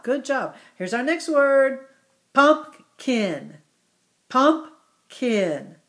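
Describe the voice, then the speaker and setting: A middle-aged woman teacher leading a phonics drill for children, repeating each word slowly and encouraging them. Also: a little high, pushed and bright. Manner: slow, encouraging, exaggerated word repetition.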